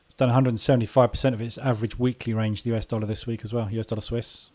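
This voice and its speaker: A man hosts a live trading session and talks casually as he reads the market. His voice is dark and mellow, at a middling pitch. He thinks aloud, correcting himself mid-sentence. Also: flat delivery, rapid-fire. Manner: casual, thinking aloud while watching charts. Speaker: trading room host.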